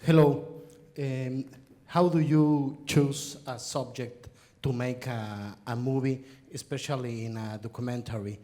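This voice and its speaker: A man's voice: mid-range voice, steady tone, measured pace, dark tone. A man in the audience asking the guest a question, hesitant and groping for words.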